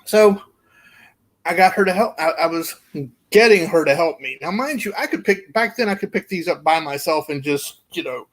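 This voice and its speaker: A man's voice: fairly high pitch, normal speed. A man telling a long, rowdy anecdote in casual chat and laughing along as he goes. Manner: animated storyteller, laughing through his own anecdote. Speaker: guest storyteller.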